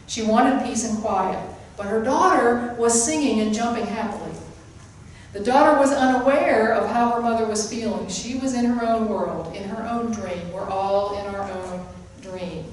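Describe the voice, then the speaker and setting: Her voice fairly high and her pace normal, a woman spiritual teacher delivers an emphatic sermon-like talk, returning again and again to her key phrases. The distant-mic recording from a spiritual center's echoey hall carries a little hiss or hum.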